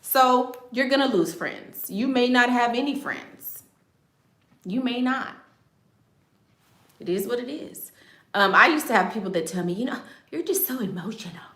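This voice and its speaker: Sassy, lively woman in a roomy echo. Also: fairly high pitch, a little slow, pauses often. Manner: blunt, sassy, joking, laughs often. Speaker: livestream host giving life advice. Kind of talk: casual livestream advice talk.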